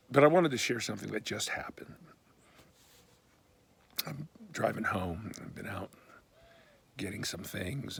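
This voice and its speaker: A man telling a personal story in an earnest, candid and heartfelt way, often dropping to a hushed half-whisper. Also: lowish voice, gravelly, husky.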